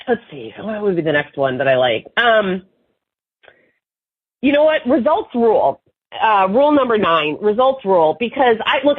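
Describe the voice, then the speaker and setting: A woman with a husky, breathy voice tells lively anecdotes as an interview guest, jumping into quoted voices as she goes. The sound is thin and tinny, like a phone line. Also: fairly low pitch. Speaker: marketing expert guest. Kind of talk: casual interview storytelling.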